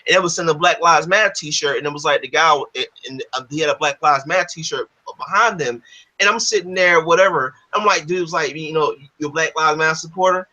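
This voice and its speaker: A man's voice: a little high, a little fast, pushed and bright. A man hosting a casual discussion, ranting in a heated, profane, emphatic way. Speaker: podcast host. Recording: dull lo-fi audio.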